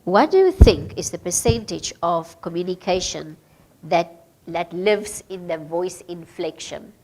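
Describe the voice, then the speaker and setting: A woman's voice: on the low side, expressive, measured pace, a little mellow. A woman with a Namibian English accent leading a radio training workshop, asking the group questions, with hesitant fillers.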